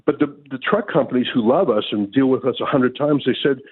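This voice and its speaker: A man's voice: mid-range voice, fairly quick, breathy edge. A man in his fifties from Canada, a guest in a remote interview, talking in an agitated way with many repeated words and restarts. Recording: tinny phone-like line.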